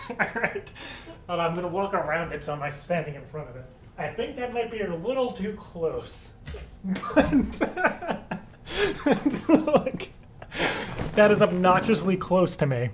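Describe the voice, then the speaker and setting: A man's voice: high voice, big pitch swings, measured pace, background noise. A young man hosting a live stream, talking casually and nervously, swearing and laughing often. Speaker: live show host.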